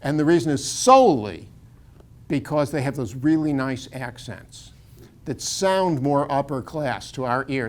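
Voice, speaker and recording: In a fairly high, slightly bright voice, an older American university professor lectures casually. He digresses, chuckles often, and keeps restarting his sentences.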